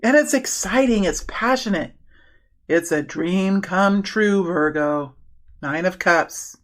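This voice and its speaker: Excitable woman doing a tarot reading. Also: lowish voice, takes it slowly. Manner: animated, breaks into excited bursts, many restarts. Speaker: tarot reader. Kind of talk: casual tarot reading monologue.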